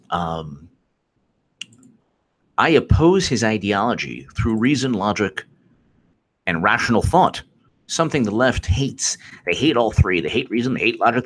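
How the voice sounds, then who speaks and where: A man hosts a casual live stream of commentary and talks in a lowish voice. He circles back over the same points again and again and sounds sarcastic and exasperated. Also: fairly bright tone. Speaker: political commentary host.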